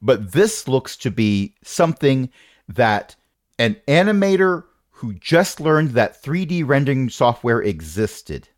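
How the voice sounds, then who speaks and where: A man's voice: mid-range voice, big pitch swings, slow pace, dry recording, studio quality. A man narrating a tabletop game as game master, with playful, rambling descriptions and asides.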